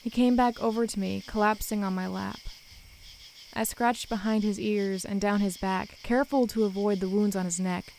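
A woman narrating a first-person horror story in a calm, measured way. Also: mid-range voice, gravelly, a little hiss or hum, low-quality recording.

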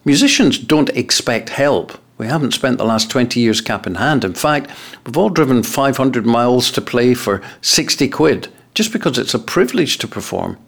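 A man reading an opinion column aloud with lively, expressive emphasis. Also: medium pitch, moderate pace, creaky, hardly any pauses.

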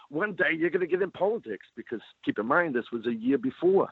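A man telling a personal story in an animated, emphatic way, often repeating phrases for effect. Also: fairly high pitch, fast talker, few pauses, slightly rough, no room sound. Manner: animated, emphatic, repeats "let me tell you". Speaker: storyteller guest. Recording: tinny phone-like sound.

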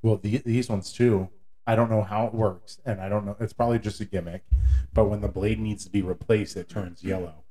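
A man co-hosting a casual podcast, talking in an easygoing, rambling way. His voice sits a little low with a mellow, dark tone. He pauses on fillers while he explains things at length. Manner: relaxed, rambling, many fillers. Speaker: podcast co-host. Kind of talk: casual chat.

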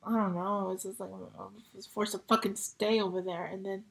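Sick young woman, hoarse and whispery. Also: medium pitch, level tone. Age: young adult. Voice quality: hoarse, breathy, often whispering. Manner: frustrated, swearing, halting. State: sick, tired throat. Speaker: podcast host. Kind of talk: casual solo podcast chat.

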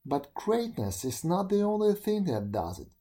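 A vain little stag beetle in a storybook, always feeling slighted and grumbling about it, put on by the reader. His voice is mellow and warm, bristling with indignation. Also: mid-range voice, very animated, normal speed, pitched above the performer's own voice, natural voice. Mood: huffy. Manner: indignant, complaining. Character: proud touchy male stag beetle.

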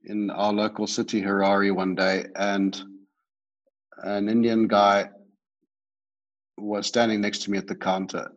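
A man telling an amused anecdote as a guest. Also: lowish voice. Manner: amused, unhurried storyteller. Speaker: guest, sauce maker. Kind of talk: storytelling anecdote. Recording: dull lo-fi remote audio.

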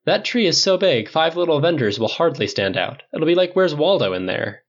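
A man voicing a wry, quick-witted man with a joking, breezy manner, in a dull lo-fi recording. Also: a little high, big pitch swings, pitched above the performer's own voice.

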